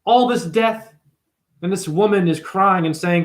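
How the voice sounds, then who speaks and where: This spiritual teacher preaches off the cuff to the camera, swearing intensely and hurling rhetorical questions at whoever is watching. He speaks at a normal speed in a high, expressive voice.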